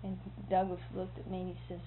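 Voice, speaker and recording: A woman telling a long anecdote in casual conversation, acting out what others said with sound effects like "boom" and breaking into laughter. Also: fast. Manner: animated, acts out quoted speech with sound effects and laughter. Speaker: storyteller. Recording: tinny lo-fi recording with faint hiss.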